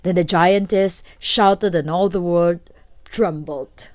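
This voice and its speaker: Lady reading a folk tale, steady and clear, dry sound. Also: fairly low pitch, a little slow, no echo. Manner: steady, clear read-aloud. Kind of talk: storytelling narration.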